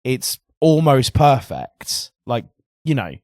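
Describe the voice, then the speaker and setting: A man's voice: medium pitch, very animated, slow pace, a little mellow, dry recording, clean studio sound. An English man co-hosting a casual podcast chat, opinionated and swearing freely. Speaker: podcast co-host.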